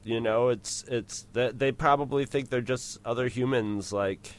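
A man's voice: medium pitch, measured pace. Laid-back man podcast co-host. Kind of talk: casual chat.

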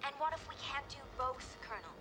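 An urgent young ranger. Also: female voice, sits high, lively intonation, fast talker, sharp tone, soft background music.

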